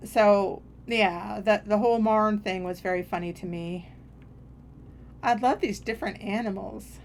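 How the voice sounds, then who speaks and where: A woman's voice: medium pitch, fairly even intonation, measured pace, slight background noise. Chatty woman streamer rambling while gaming. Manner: chatty, meandering, self-deprecating. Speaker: game streamer.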